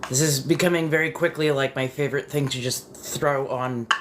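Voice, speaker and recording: On her body-doubling livestream, a woman still groggy from waking up chats casually and bluntly, swearing freely. Her voice rumbles low with a steady tone at a moderate pace, and the background is noisy.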